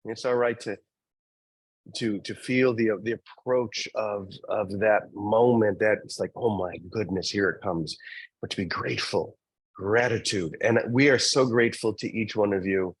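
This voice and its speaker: Low husky guy hosting a spiritual group call, soft, laughs a lot, repeats himself. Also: steady tone, normal speed, no echo, poor audio. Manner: gentle, laughs often, repeats words. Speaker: host of an online spiritual community session. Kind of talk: casual warm group chat.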